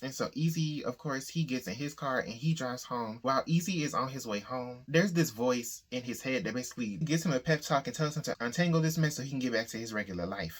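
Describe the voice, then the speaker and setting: Relaxed man casually retelling a story. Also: mid-range voice, slightly rough. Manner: relaxed conversational retelling, briefly acts out characters' quoted lines. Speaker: book discussion host. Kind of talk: casual plot summary.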